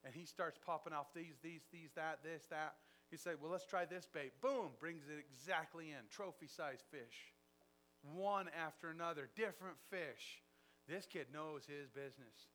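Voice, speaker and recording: A man preaching a sermon, telling a story with acted-out dialogue and big swings in loudness. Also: on the high side, normal speed.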